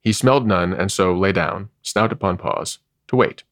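A man reading a story aloud, measured and wry, with expressive delivery. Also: low voice, no room sound, studio quality. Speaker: narrator.

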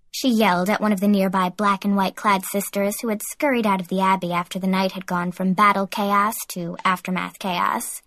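A woman narrating a first-person audiobook in an expressive reading voice. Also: medium pitch, moderate pace, few pauses, no echo, studio quality.

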